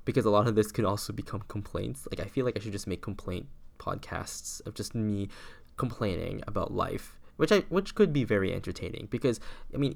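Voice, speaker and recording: A young man hosting a solo podcast, rambling in a meandering way with many restarts, his voice lower than usual because he is sick. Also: vocal fry. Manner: meandering, self-interrupting, with frequent restarts. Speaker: podcast host.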